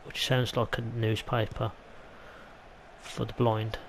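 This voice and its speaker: Here a gaming YouTuber from England speaks slowly in a lowish monotone while playing a football video game. His commentary is chatty and wanders into mild side comments, captured in a low-quality recording with slight background noise.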